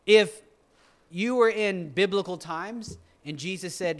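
A man's voice: sits high, normal speed. A male pastor preaching in a loose, joking way, often restarting his sentences. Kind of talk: conversational sermon.

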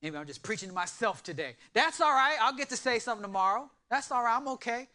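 High, bright-voiced man preaching. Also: fast. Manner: animated preaching with joking asides. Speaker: pastor. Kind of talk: sermon.

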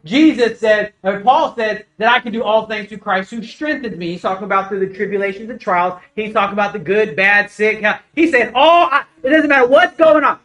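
A man preaching a casual, conversational sermon, telling stories with lively acted-out dialogue. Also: high voice, brisk, few pauses, rough recording. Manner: animated storytelling, acts out dialogue.

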